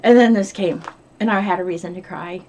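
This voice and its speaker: A woman's voice: medium pitch, brisk, warm tone. Middle-aged American woman vlogger, chatty and profane, mid-range voice, faint hiss behind. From upstate New York. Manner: chatty, swears freely, rambling. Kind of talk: casual diary vlog.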